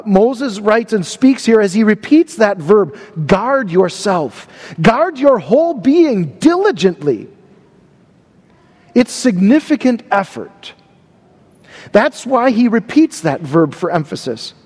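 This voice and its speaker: A man's voice: high-pitched, sing-song, takes it slowly, darkish tone, big-room sound. A man preaching a sermon, stressing and repeating key words. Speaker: pastor.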